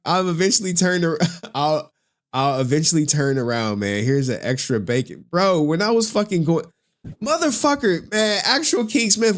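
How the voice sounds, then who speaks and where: A man in his forties hosting a casual livestream, swearing often, laughing through his words and getting emotional. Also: on the high side. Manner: profane, laughing, emotional, slangy. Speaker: livestream host.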